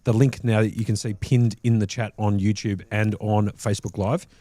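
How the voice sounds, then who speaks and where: A man's voice: fairly low pitch, flat delivery, normal speed, dark tone, no room sound. A man doing live poker tournament commentary from a booth, often breaking into laughter. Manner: giggly, laughing through lines.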